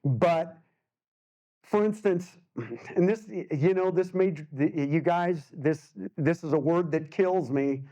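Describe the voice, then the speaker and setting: Older man telling stories, mellow voice. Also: a little high, slow, dull audio. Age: 60s. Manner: animated, acts out quoted voices, laughs often. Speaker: guest artist speaker. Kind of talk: casual storytelling talk.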